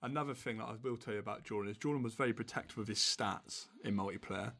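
A man's voice: lowish voice, fast, gravelly, fairly bright tone. A young man hosting a podcast in casual chat, swearing freely and laughing often. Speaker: podcast host.

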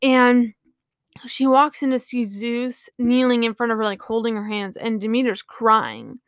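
A woman's voice: fairly high pitch, measured pace, smooth, dry recording, studio quality. A woman casually retelling a mythology book on her podcast, rambling with many fillers and frequent apologies. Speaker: podcast host.

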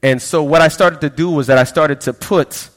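A man with a fairly high voice shares a sermon testimony at a moderate pace, surrounded by long hall reverb. He recounts his story conversationally, stammering over repeated words and quoting people in quieter tones.

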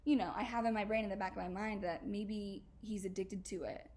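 A woman's voice: medium pitch, steady tone, brisk, a little mellow. A young woman hosting a podcast, chatting confessionally in a casual, slangy way, laughing often and bursting into emphatic exclamations. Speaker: podcast host.

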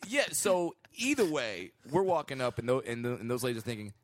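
A man's voice: medium pitch, big pitch swings, fairly quick, no echo, studio quality. A male comedian co-hosting a podcast, bantering playfully and laughing often. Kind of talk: casual comedic chat.

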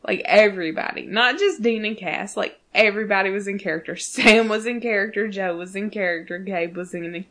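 A woman's voice: mid-range voice, fairly quick, hardly any pauses, a bit bright. A woman in her thirties, a podcast co-host chatting casually, laughing often and swearing freely as she gushes. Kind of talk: casual chat.

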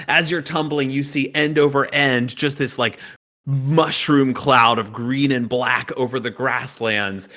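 Slow, bright-voiced man running the game. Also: medium pitch. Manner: vivid descriptive narration with fillers. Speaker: game master. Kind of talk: narrating a tabletop game.

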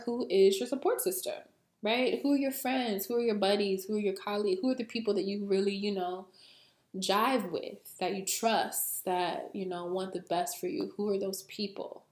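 Woman, podcast host, casual storytelling, slangy, animated, roomy echo. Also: mid-range voice. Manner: animated, slangy, swears, laughs often. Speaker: podcast host and spiritual coach.

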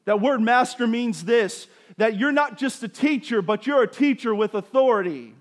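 A man preaching a sermon, building to emphatic bursts and dropping to quieter explanation. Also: very high voice, animated, moderate pace. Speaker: pastor.

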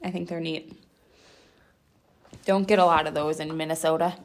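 A woman's voice: low voice, fairly even intonation, moderate pace. A woman co-hosting a podcast in casual chat, giggling often and talking with candy in her mouth. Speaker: podcast co-host.

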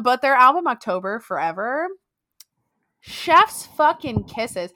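A woman's voice: a little high, no room sound. A young woman co-hosting a podcast, chatting casually, laughing often and swearing freely. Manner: giggly, swears freely, lively. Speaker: podcast co-host. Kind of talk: casual chat.

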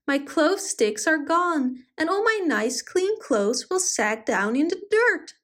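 A woman's voice: high voice, very animated, takes it slowly, pitched above the performer's own voice, full character voice. A woman doing a squealing, fretful pig lady. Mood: dismayed.

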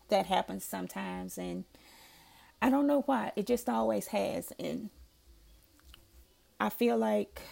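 A woman reading her own poems aloud, slow and soft-spoken, with long heartfelt pauses between lines. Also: medium pitch, gravelly, husky.

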